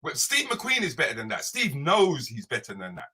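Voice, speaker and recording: Guy ranting live, bright and a bit husky, keeps going yeah? right?. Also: a little high, huge pitch swings, normal speed. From Britain. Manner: emphatic, repeats phrases, asks "yeah?" and "right?" constantly. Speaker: comedian and social commentator hosting a live show. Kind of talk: animated solo rant. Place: home, streaming live online.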